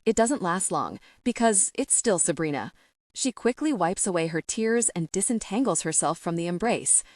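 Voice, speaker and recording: A woman narrating a young adult audiobook in a measured, steady storytelling voice on a close studio mic. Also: on the low side, dry recording. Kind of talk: scripted narration.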